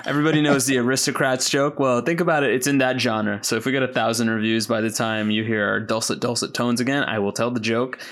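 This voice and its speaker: A man's voice: medium pitch, fairly even intonation, fast, few pauses, fairly bright tone. A man co-hosting a casual podcast chat, joking and rambling with a self-mocking streak. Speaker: podcast co-host.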